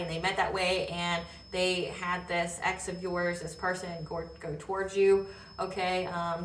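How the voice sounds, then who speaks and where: A woman's voice: on the low side, pushed and bright, a little hiss or hum. A woman giving a casual spiritual tarot reading, rambling with many fillers and checking in with "okay?". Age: adult. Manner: laughs while telling stories. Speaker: tarot reader. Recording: roomy echo, distant mic.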